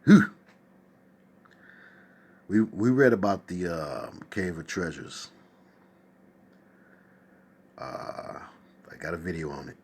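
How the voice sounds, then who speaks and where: A man's voice: low voice, very animated, slow pace, pauses often, darkish tone, slightly rough. A man hosting a casual stream from his desk, reading viewer comments aloud with exclamations and chatty asides. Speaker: host. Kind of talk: casual livestream chat. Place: at a desk at home.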